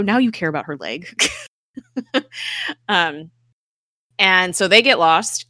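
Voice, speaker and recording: A woman with a bright, slightly lowish voice chats through a TV episode recap, jumping into quick impressions of the characters as she goes. The sound is close and dry. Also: dry recording. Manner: animated retelling, acts out characters' lines. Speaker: podcast co-host recapping a TV episode. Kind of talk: casual chat, retelling scenes.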